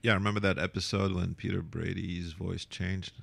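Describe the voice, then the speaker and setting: A man teaching how to write and say words in a relaxed, playful way, with joking asides about his own mistakes. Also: moderate pace, gravelly, husky. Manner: playful, self-mocking, lively pitch. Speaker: Arabic calligraphy teacher.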